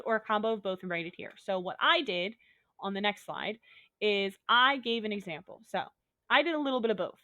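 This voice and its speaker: A woman's voice: medium pitch, a bit bright, no echo. A woman teacher giving a recorded online lesson, upbeat and a little goofy, talking students through examples step by step.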